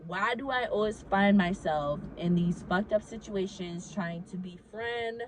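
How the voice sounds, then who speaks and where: A young woman tells a story in a casual vlog. Her voice sits at a middle pitch, and she talks animatedly, with plenty of "like" and swearing. Faint background noise runs underneath. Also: unhurried, poor audio. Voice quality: animated, swears freely, frequent likes. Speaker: vlogger telling a story.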